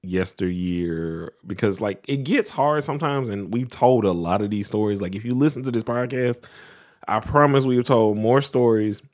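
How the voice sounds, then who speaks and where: Brief: man, very low voice, rambling easygoing podcast co-host. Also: moderate pace, a little mellow. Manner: rambling, many "like" fillers and restarts. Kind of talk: casual chat.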